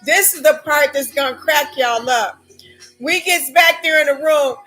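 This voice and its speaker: An American woman telling a travel story to her viewers, dramatic and often laughing as she acts out her own shouts. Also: high-pitched, a little slow, soft background music, low-quality recording.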